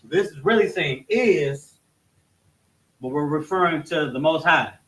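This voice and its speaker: A man teaching a scripture lesson in a halting way, often restarting his sentences as he points things out on a board. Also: fairly high pitch, lively intonation, fairly bright tone. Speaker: religious teacher. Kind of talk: classroom-style scripture lesson. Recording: echoey room, mic at a distance.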